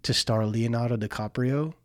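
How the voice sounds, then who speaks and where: Animated, profane man chatting casually. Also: medium pitch, moderate pace. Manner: animated, profane, acts out quotes. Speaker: podcast co-host. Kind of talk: casual chat.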